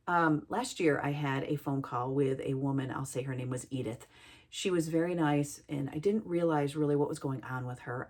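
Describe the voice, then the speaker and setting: Low-voiced earnest woman sharing a story. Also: darkish tone. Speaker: healthcare worker. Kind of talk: reflective personal talk.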